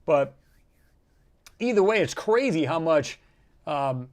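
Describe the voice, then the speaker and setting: Rambling male livestream host, slightly high. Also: slow pace. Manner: rambling, animated, reads viewer comments. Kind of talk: casual livestream chat.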